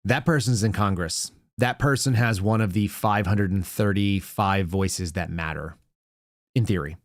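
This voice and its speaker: A man's voice: lowish voice, a little slow, dry recording, studio quality. A man hosting a political commentary show, ranting with sarcastic asides. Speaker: show host.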